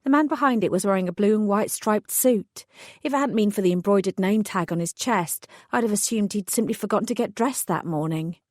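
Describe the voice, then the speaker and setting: A woman's voice: mid-range voice, fairly quick, no room sound, studio quality. Woman narrating a wry fantasy audiobook. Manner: wry, expressive storytelling. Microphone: close studio mic.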